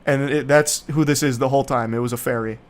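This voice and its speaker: A man's voice: mid-range voice, steady tone, quick pace. A man giving casual, rambling movie commentary, sarcastic, profane and mocking.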